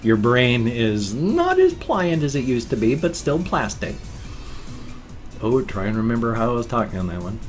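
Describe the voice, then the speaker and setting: Man, 50s, vlogger; meandering, self-interrupting chat, average pitch, faint music under him. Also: huge pitch swings, moderate pace. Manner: chatty, self-interrupting, musing. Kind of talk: casual rambling vlog.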